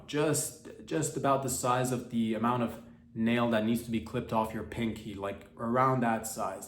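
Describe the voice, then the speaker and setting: Male podcast host, mock-dramatic rambling comic, mid pitch, echoey room. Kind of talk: rambling comedic monologue.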